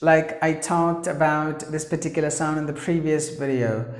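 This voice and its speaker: A man's voice: a little high, steady tone, moderate pace, echoey room. A man teaching pronunciation, repeating each word several times to drill it. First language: Tamil. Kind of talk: pronunciation lesson.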